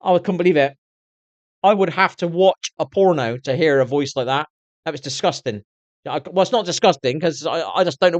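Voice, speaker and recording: Man, middle-aged, live streamer, raised pitch, bone-dry room, foul-mouthed, rambling, candid. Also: brisk, no echo, highs cut off. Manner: swears constantly, rambling and candid. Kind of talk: casual rambling chat to viewers.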